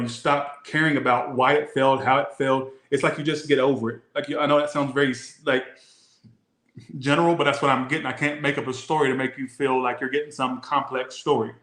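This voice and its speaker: A man's voice: mid-range voice, fairly bright tone, reverberant. A man from the Southern United States giving a casual, rambling tarot reading, often asking "all right?". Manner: chatty, rambling, says "all right?" a lot. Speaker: tarot reader.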